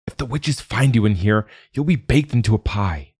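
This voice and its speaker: A man's voice: fairly low pitch, animated, normal speed, a little mellow, slightly rough, no echo, studio quality, voice pushed up. A man voicing a timid young woman who works as a kitchen maid for witches, lifting his voice for her lines. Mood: teasing. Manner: lighter, raised voice. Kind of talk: storybook reading.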